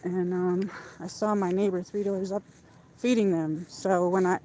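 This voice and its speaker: Walking around a lake on a casual outdoor livestream, a woman rambles chattily to her viewers and is out of breath from the uphill climb. She has a fairly low, dark, steady voice and a measured pace, with slight background noise.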